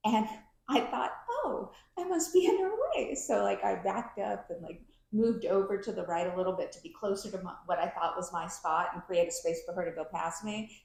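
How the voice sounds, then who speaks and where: A woman's voice: on the low side, brisk, creaky, hardly any pauses. A woman co-hosting a podcast, telling stories in casual chat and acting out what people said. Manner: chatty storyteller, animated quoting. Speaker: podcast co-host. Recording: echoey room.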